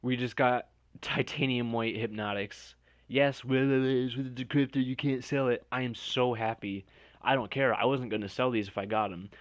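A man's voice: medium pitch, steady tone, moderate pace, no echo, clean studio sound. A young man doing live stream commentary, chatting directly to his viewers.

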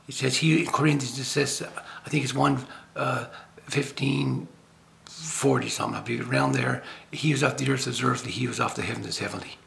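Gravelly older man preaching informally. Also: medium pitch, fairly bright tone. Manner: rambling, jokey, with frequent laughs and restarts. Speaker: lay preacher. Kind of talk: informal spiritual talk.

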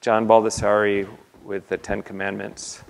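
Low, gravelly man in a reverberant lecture hall. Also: flat delivery. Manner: halting, with many fillers and restarts. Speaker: artist giving a lecture. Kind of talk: slide talk to an audience.

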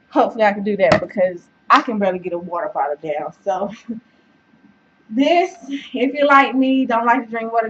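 A woman giving a casual, encouraging fitness vlog to camera, chatty and full of fillers, sometimes out of breath. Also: on the high side. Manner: chatty and encouraging, many fillers, says y'all and child. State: out of breath at times. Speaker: fitness vlogger. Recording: dull, faint noise, mic away from speaker.

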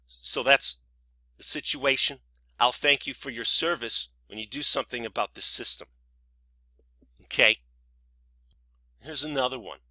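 A man vents in a sarcastic, indignant monologue, piling up rhetorical questions. His voice is strikingly bright and cutting. The sound is dry and close, with no room around it. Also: medium pitch, no echo. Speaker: vlogger. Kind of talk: scripted ranting monologue.

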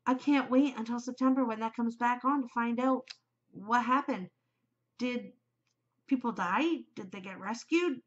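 A woman's voice: fairly high pitch, a little slow. A middle-aged woman hosting a casual chat podcast, chatty, emotional and gushing as she talks. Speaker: podcast host. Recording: muffled lo-fi home recording.

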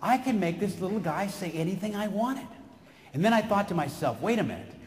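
A middle-aged man from San Antonio tells stories at a motivational keynote. His voice sits high and swings widely, and it rings out on a stage mic in a large hall with long reverb. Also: brisk, background noise. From San Antonio, Texas. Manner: animated storyteller, slips into character voices. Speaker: keynote speaker. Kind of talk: motivational keynote speech with storytelling.

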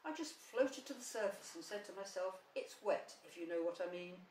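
A sulky old donkey grumbles through his complaints, as a woman reading aloud puts him on. He sounds lively in pitch despite his gloom. The voice carries from a roomy space a little off the mic. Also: moderate pace, distant mic, slight background noise, close to an everyday voice. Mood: grumbling. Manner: sulky, put-upon.

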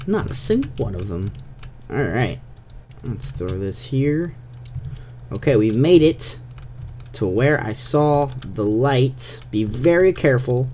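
A man's voice: mid-range voice, a little mellow, a little hiss or hum. A young man giving casual, playful commentary while he plays a game, talking to the monsters as he goes. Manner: chatty, playful, talks to the monsters. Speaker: gameplay commentator. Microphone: desktop USB microphone.

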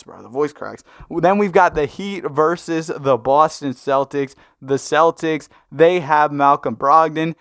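A young man casually commenting on a basketball video game, laid-back and chatty with sudden excited outbursts. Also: fairly high pitch, no echo, clean studio sound. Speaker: gaming YouTuber.

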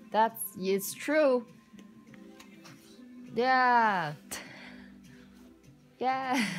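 A young woman casually commenting as she unboxes a photobook, gushing and excitable, with soft muttered asides between her exclamations. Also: a little high. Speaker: unboxing vlogger.

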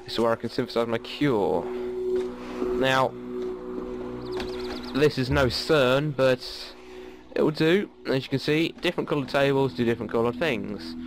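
A man's voice: mid-range voice, measured pace, long pauses, over music. Chatty man narrating gameplay. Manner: chatty, rambling with many fillers. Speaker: gaming channel host. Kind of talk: casual let's play commentary. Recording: game audio under the voice.

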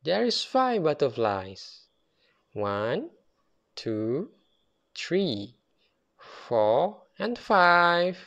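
Very slow, sing-song reader of a toddler picture book; non-native phrasing, muffled lo-fi sound. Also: mid-range voice, very animated, vocal fry, fairly bright tone. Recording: muffled lo-fi recording.

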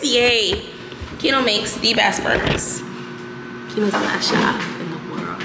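A chatty, playful woman hosting her own home vlog and tossing out little exclamations. Her voice rings around a roomy, echoey kitchen, with steady noise in the background. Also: medium pitch, unhurried. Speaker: lifestyle vlogger. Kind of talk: casual vlog chat.

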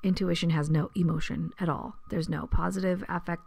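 Woman, podcast host, chatty, casual solo talk, soft asides. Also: on the low side, steady tone, a little fast, creaky, breathy edge. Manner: chatty, laughs often, drops into soft asides.

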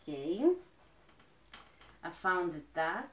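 A woman from Greece with a Greek accent, chatting as she unboxes plants, gushing and halting with fillers. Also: on the low side, a bit bright, echoey room. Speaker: plant vlogger. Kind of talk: casual unboxing chat.

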